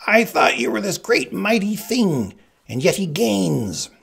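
A man voicing the Sicilian, a shrill, bossy schemer who shrieks commands and scorn. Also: sing-song, normal speed, creaky, breathy edge, exaggerated voice.

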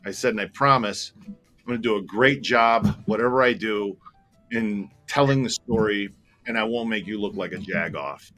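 A man with a bright, forceful voice tells a long story in loose conversation. He rambles, circles back, and swears freely, and his feelings show as he goes. Faint music sits low behind him. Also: moderate pace. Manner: candid, rambling, swears freely, grows emotional. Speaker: tour operator telling a story. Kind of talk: casual storytelling chat.

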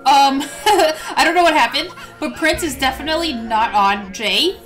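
A woman casually talking through her gameplay in a high, light voice. She is excitable and giggly and fills pauses with ums. Quiet music plays underneath her. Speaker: gameplay video host. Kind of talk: casual game commentary.

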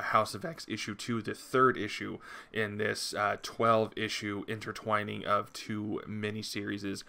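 A man's voice: fairly low pitch, vocal fry, bright, forceful tone. A man hosting his own comic review channel, chatting casually and enthusiastically with lots of fillers.

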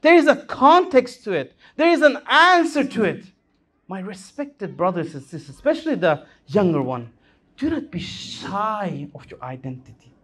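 Impassioned male preacher with sweeping pitch. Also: very animated, normal speed, a bit bright. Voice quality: impassioned, rising and falling delivery. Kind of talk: sermon. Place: Islamic center hall.

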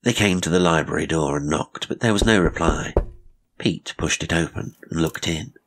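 A man narrating a classic horror story in a measured, dramatic way. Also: rumbling low, fairly bright tone. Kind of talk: scripted audiobook narration.

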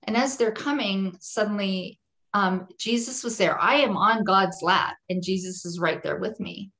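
A woman's voice: medium pitch, a little slow, a bit bright. A woman guest on a podcast, telling a personal testimony in an earnest, vivid way and repeating phrases for emphasis. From Jewish home.

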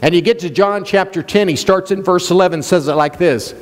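A man's voice: high-pitched, fairly quick, big-room sound. A male pastor preaching a sermon, questioning the congregation and joking with them. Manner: playful, jokes and laughs.

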